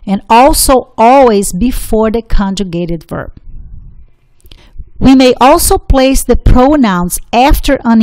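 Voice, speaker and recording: A woman teaching a Spanish grammar lesson in English, explaining deliberately and repeating the rules for emphasis. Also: mid-range voice, no room sound.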